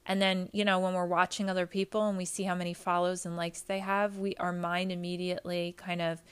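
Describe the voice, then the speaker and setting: A woman's voice: fairly low pitch, little pitch movement, brisk, clear, resonant tone. A woman who works as a holistic life coach, talking casually to her viewers with many fillers and emphatic repeats. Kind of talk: casual talk to camera.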